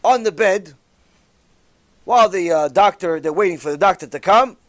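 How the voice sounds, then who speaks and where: A man, a rabbi, telling a religious story in an animated way, with sudden loud bursts. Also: sits high, normal speed.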